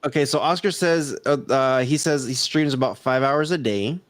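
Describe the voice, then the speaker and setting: A man's voice: mid-range voice, moderate pace, dry recording. A man with a Southern Californian accent, co-hosting a casual live-streamed podcast, rambling and laughing often as he reads out chat messages. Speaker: podcast co-host.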